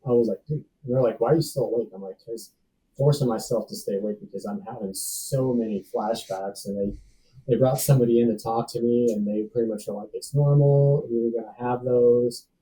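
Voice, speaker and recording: Poor audio and a distant mic capture a man of medium pitch whose mellow voice moves fairly quickly. The thirtysomething safety professional, guesting on a podcast, tells his own story in a slangy, easygoing style packed with "dude" and "bro."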